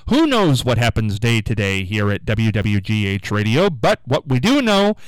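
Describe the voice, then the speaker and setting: A man's voice: lowish voice, big pitch swings, moderate pace, clean tone, dry recording, rough recording. A man hosting a call-in radio show, chatty and upbeat as he banters with a caller. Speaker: radio host.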